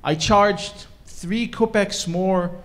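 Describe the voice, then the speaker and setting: A man voicing a humble old shoemaker who loudly and solemnly lists sins to God, in a told story. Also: high voice, steady tone, extremely slow, pitched above the performer's own voice, exaggerated voice. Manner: loud, declaiming, solemn listing.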